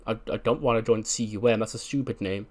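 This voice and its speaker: A man's voice: fairly low pitch, fast, close to an everyday voice. A man voicing a cocky, cryptic young male wrestler in a wrestling game story, close to his own voice. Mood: smug, cryptic.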